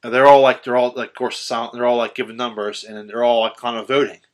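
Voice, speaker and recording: A man co-hosting a podcast, casually recapping a film in a profane, animated way and acting out quotes with sudden shouts. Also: medium pitch, quick pace. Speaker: podcast co-host.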